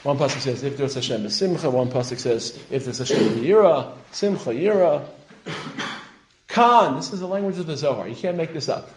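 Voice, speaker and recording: A man lecturing to a congregation as a rabbi, passionate and emphatic, sprinkling Hebrew terms and rising to loud peaks. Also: mid-range voice, fairly quick, few pauses, a little hiss or hum. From Israel. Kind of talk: sermon-style lecture. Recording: roomy hall echo.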